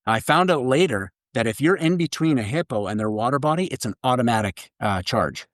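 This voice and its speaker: A man from Canada, a keynote speaker, telling a story in an animated way and laughing as he goes. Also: medium pitch, brisk, no room sound, studio quality. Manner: lively, laughs through his story.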